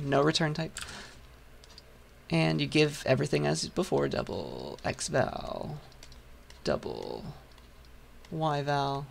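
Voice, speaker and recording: A man lecturing a programming class, patient and step by step while writing, his voice hoarse. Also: on the high side, a little hiss or hum. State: hoarse, losing voice. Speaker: university lecturer. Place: lecture hall.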